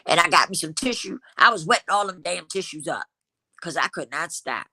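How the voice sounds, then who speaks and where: A woman's voice: on the low side, animated, fairly quick, bright, forceful tone, breathy edge, no room sound. A middle-aged woman, hosting a casual livestream in a loose, preachy way and now and then singing snatches of a song. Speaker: livestream host.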